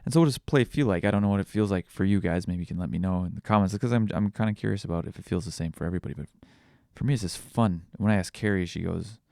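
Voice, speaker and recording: A man in his thirties talks through a reflective podcast monologue, candid and rambling, often restarting his sentences. His voice sits very low with a gravelly fry, and the recording is dry and close. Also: fast talker, a little mellow, no room sound. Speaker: podcast host.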